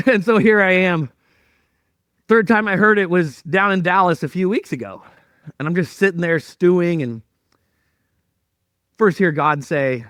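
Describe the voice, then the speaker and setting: A male pastor telling a personal story in a sermon, animated and self-mocking as he acts out his own thoughts. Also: sits high, a little slow, long pauses, no room sound, clean studio sound.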